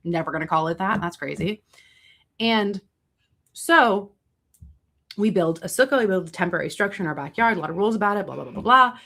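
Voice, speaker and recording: A young adult woman hosts a casual livestream and answers viewer questions with chatty, animated storytelling and asides. Her medium-pitched voice moves fairly quickly, with long pauses.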